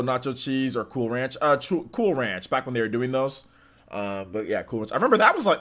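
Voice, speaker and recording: A young man from California hosting a live stream, reading viewer comments aloud and chatting loosely with lots of fillers. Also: lowish voice. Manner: rambling, filler-heavy, reads chat aloud. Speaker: streamer host.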